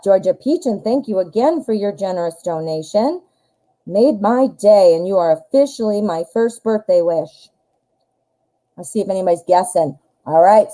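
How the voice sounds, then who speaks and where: A woman's voice: mid-range voice, warm tone, low-quality recording. A woman in her forties hosting a live tarot reading stream, chatting casually with fillers and self-corrections as she thinks aloud.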